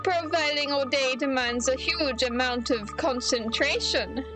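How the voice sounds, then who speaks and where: A woman reading aloud as a cheerful young woman detective, brisk and teasing. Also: high voice, over music, low-quality recording.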